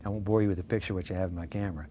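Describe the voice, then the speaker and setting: Older man, low-voiced storyteller. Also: racing, a little hiss or hum. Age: 60s. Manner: lively anecdotal storyteller with self-deprecating humor. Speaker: pastor, interview guest. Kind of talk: storytelling in a casual interview.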